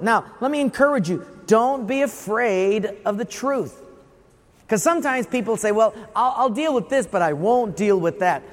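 A man preaching a sermon in a church. He asks rhetorical questions and acts out little scenes in other voices. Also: high-pitched. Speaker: pastor. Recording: long reverb of a large hall.

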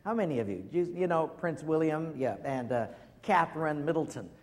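A man preaching a sermon as pastor, lively and conversational, asking the congregation questions. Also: a little high, moderate pace. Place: church hall. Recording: long reverb of a large hall.

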